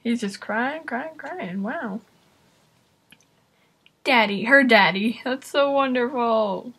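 Excitable higher-voiced woman reacting aloud. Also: takes it slowly, slightly rough. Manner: excitable, exclaims and talks to viewers. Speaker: YouTuber reacting to a video. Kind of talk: casual reaction commentary.

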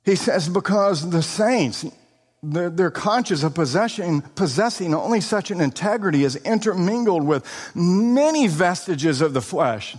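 A man's voice: high voice, expressive, unhurried, a little mellow, husky. A man delivering a sermon in an earnest, emphatic way, recorded in a hall. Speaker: preacher. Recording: long hall reverb.

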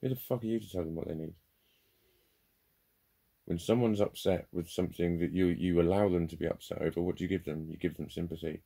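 A man's voice: deep voice, steady tone, a little fast, creaky, warm tone, breathy edge. A man talking in a candid, rambling monologue, swearing freely and joking at his own expense. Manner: rambling, sweary, self-deprecating. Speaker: vlogger.

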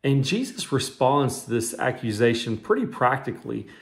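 A man's voice: mid-range voice, very animated, moderate pace, vocal fry. A man who is a minister, giving a short devotional sermon in an earnest, conversational way and weaving in scripture quotes. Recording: roomy echo.

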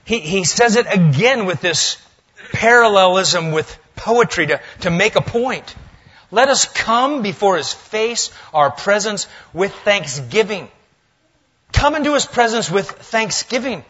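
A male pastor preaching a sermon in a church, lively and swinging between loud, emphatic lines and hushed asides. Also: high voice, measured pace, slightly rough, lo-fi sound. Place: church sanctuary.

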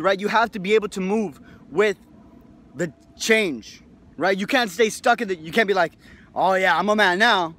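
A young man with a high, fairly bright voice hosts a video, giving his viewers a casual, rambling motivational monologue. He swears freely and keeps tagging his sentences with "right?"

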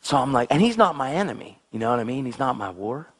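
A male preacher with a husky, slightly breathy voice delivers an excitable sermon. His pitch leaps about, dropping low and intense, then shooting up in exclamations. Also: quick pace. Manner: excitable, exclamatory, swings between low intensity and high outbursts.

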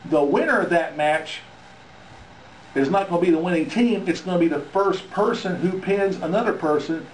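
A man's voice: on the high side, a little hiss or hum. A man, a wrestling manager, gloating and taunting in a promo. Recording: echoey room, distant mic.

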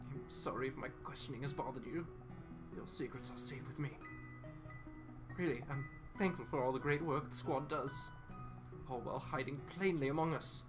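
A woman voicing a formal, nosy gentleman passenger in a video game, speaking in a posh, slow manner. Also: sits low, voice pushed down.

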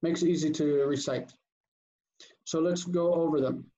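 A man teaching an online grammar lesson, drilling terms slowly and deliberately and often checking in with the class. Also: on the high side, steady tone, warm tone. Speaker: Biblical Hebrew teacher. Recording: dull lo-fi call audio, faint noise.

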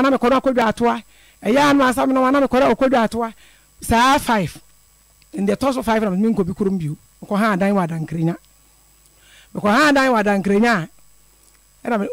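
A man's voice: very high voice, no room sound. A middle-aged man calling in to a radio show, telling a personal story in an earnest, repetitive way. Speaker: caller.

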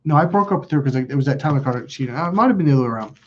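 Speaking very fast and animatedly, a man with a medium-pitched voice comes through with a little hiss or hum. He hosts a casual livestream, reading viewer comments and bluntly rambling through stories with lots of swearing, on a dull lo-fi recording.

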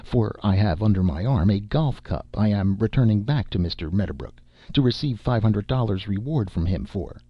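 A man's voice: fairly low pitch, animated, normal speed, slightly rough, no echo, muffled recording. Man playing a pompous, wordy detective. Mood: earnest. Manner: stiff, pompous and long-winded. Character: pompous, wordy small-town male detective.

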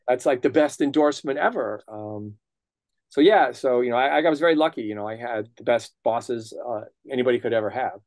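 A man's voice: medium pitch, no echo. A middle-aged man telling stories as an interview guest. He acts out quoted dialogue and swears casually. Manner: lively storyteller who acts out quoted dialogue. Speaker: guest, comics writer and colorist. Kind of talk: anecdotal interview storytelling.

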